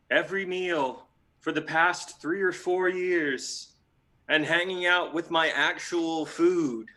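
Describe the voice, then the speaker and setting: A man's voice: fairly high pitch, pushed and bright, full character voice. A man on a video call playing a fretful young male lion prince, in an earnest confessional improv monologue.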